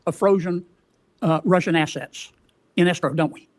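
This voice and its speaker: A man's voice: a little high, normal speed. A man questioning a witness at a hearing, folksy, pressing with leading tag questions.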